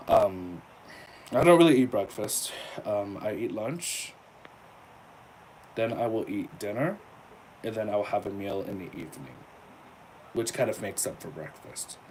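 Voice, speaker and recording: A man's voice: lowish voice, a little hiss or hum. A nineteen-year-old man streaming live, reading viewer messages and answering them in a laid-back, chatty way. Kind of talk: casual live-stream chat.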